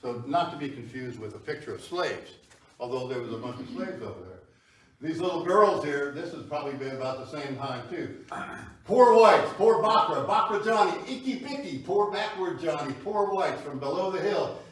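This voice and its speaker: A man on the high side of pitch gives an animated, normal-speed public history talk in a meeting hall, speaking conversationally as a lecturer and often asking the audience questions. The sound, picked up by a far tripod camera, is echoey and distant.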